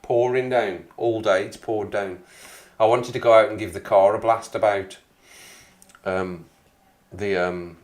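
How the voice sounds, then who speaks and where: A man's voice: fairly low pitch, fairly even intonation, a little slow, pauses often. A man in his forties hosting a casual live stream, rambling and chuckling as he greets viewers in the chat. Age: 40s. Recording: echoey room.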